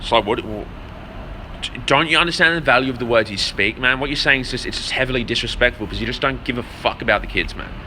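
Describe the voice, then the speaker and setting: A man's voice: mid-range voice, racing, few pauses, sharp tone, a little hiss or hum. A man livestreaming a blunt, profane rant, answering his chat and stumbling over repeated words as he talks. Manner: repeats words while searching for them. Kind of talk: casual rant to a live audience.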